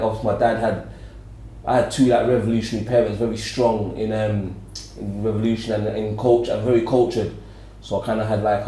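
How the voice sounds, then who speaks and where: A man's voice: fairly low pitch, mellow. A middle-aged man from Birmingham with a Birmingham accent mixed with South London, chatting loosely as a podcast guest, full of restarts and fillers. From Birmingham, England. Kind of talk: casual interview chat. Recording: echoey room.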